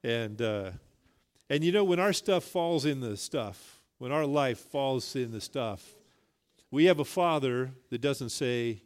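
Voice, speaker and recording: A man's voice: medium pitch, animated, slow pace. A middle-aged male pastor preaching a sermon, telling a folksy story and rising emphatically on key points.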